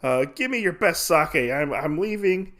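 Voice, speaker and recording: A man's voice: fairly high pitch, lively intonation, unhurried, fairly bright tone, voice pushed up. A man voicing a scheming male gambler who sniffles through fake grief and then gloats over his winnings. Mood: gloating. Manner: sniveling, then cackling and smug.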